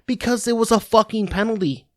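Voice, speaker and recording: A man's voice: high voice, brisk, a bit bright, no room sound, studio quality. A man hosting a sports podcast, delivering a crude, sarcastic rant from his home office into a computer mic. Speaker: podcast host.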